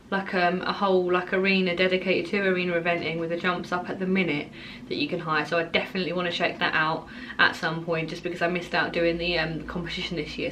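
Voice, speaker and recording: A young woman with an Essex accent, chatting quickly through a casual Q&A vlog, full of "um" and "like". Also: lowish voice, fairly bright tone, a little hiss or hum. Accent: Essex English. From Essex, England. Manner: fast, chatty, lots of "um" and "like". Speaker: equestrian vlogger.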